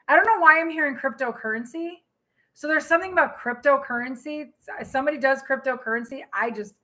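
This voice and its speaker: Woman tarot reader, high bright voice, excitable, talking straight to her viewers on a live stream. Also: poor audio. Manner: excitable, exclaiming and laughing.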